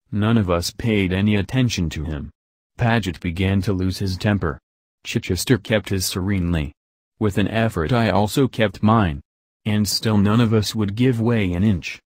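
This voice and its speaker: A man with a fairly low voice reads an audiobook in a measured, even way. The sound is dry and close, with no room around it. He tells the story at a steady, careful pace. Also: dry recording. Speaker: audiobook narrator. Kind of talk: scripted narration.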